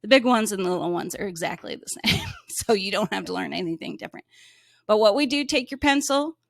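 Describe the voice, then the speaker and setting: A woman teaching a phonics reading lesson to young children, drawing out sounds slowly and gently prompting the child with questions. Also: mid-range voice, wildly swooping pitch, no room sound, studio quality. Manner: slow, clearly sounded-out words for young children.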